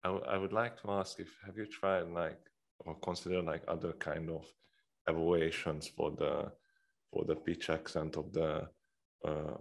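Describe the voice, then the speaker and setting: A man's voice: sits low, flat delivery, normal speed, vocal fry. A man in the audience asks a question hesitantly, with restarts. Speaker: audience member asking a question.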